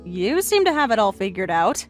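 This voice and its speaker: A woman voicing a polite, patient young wife in a dramatized text-message story, speaking gently and calmly. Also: medium pitch, normal speed, natural voice. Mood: mild. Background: faint music.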